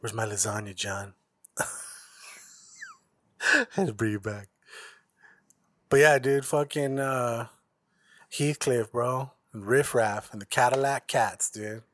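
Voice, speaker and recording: A man's voice: mid-range voice, slow pace, long pauses, no echo. Brief: a male podcast host, loose and profane, recorded dry on a close mic. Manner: profane, slangy and rambling. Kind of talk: casual chat.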